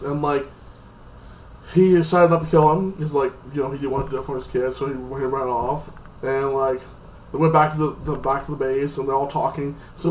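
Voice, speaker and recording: A man talks through a TV episode in a loose, rambling way, full of fillers and false starts. His voice sits a little higher than most men's. The room around him rings with a noticeable echo. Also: fairly even intonation, normal speed. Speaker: TV episode reviewer. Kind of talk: casual spoken review. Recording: echoey room.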